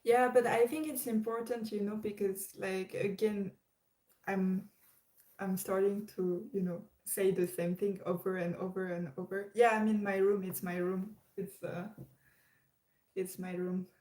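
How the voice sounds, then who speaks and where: Slow-talking woman chatting on a livestream. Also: medium pitch, flat delivery, mellow. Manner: chatty, hesitant, many restarts and laughs. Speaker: livestream host. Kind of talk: casual livestream chat. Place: her room. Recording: roomy echo.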